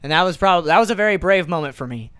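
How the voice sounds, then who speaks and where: Young male podcast co-host, animated casual storyteller, clean dry close-mic sound. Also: sits high, quick pace, clear, resonant tone, dry recording. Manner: animated storyteller, acts out quotes, swears casually. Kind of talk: casual chat.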